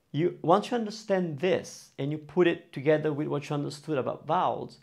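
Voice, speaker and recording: A man gives a beginner language lesson at a middle pitch. A gravelly edge runs through his voice as he explains patiently and exaggerates each vowel and syllable to demonstrate. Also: a little mellow. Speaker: Italian teacher.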